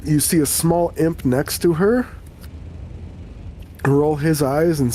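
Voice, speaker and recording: A man serving as game master, narrating a tabletop game in an unhurried, descriptive way. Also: a little high, dark tone, a little hiss or hum.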